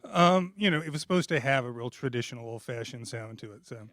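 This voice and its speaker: A man with an American accent, a singer-songwriter chatting in a relaxed, humorous way about his country song. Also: mid-range voice, fairly quick, dry recording. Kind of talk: spoken intro and country song with guitar.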